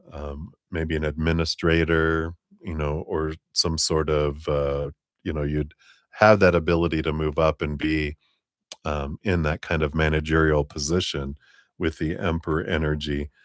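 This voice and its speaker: A man with a low, deep voice reads tarot on a live stream, talking gently and taking his time over each card. His voice is close to the mic and sounds dry, with no room around it. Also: no room sound. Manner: gentle, unhurried spiritual guidance. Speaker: tarot reader.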